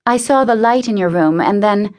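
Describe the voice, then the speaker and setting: A woman's voice: mid-range voice, animated, moderate pace, lightly acted. A woman voicing an earnest, impulsive young woman in love who stammers and pleads. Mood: pleading.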